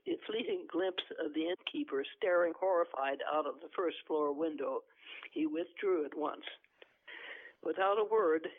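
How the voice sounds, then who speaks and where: A man reads his own novel aloud in measured first-person narration, then chats about the plot, sometimes correcting himself. His voice sits a bit higher than most men's and has a gravelly texture. Everything comes through a tinny, phone-like line. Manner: measured reading, with occasional self-corrections. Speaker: author reading his novel. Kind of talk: book reading and phone interview.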